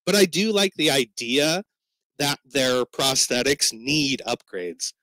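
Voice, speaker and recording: A man's voice: medium pitch, lively intonation, takes it slowly, sharp tone, dry recording. A man co-hosting a podcast, talking casually and animatedly about a comic book, rambling and swearing now and then. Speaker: podcast co-host.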